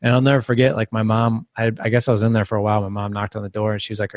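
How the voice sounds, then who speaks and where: Lowish voiced guy on a podcast, halting earnest storytelling, dry sound. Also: little pitch movement, no echo. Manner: halting, earnest, many restarts. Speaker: podcast guest. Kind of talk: personal storytelling in conversation.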